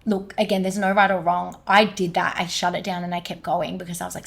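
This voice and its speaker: A young woman talks through a personal story on a podcast as the guest, an energy healer. She often acts out what others said to her, jumping into quick, lively bursts of quoted speech before settling back into steady talk. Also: fairly low pitch, creaky. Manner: animated retelling, quoting others in lively bursts.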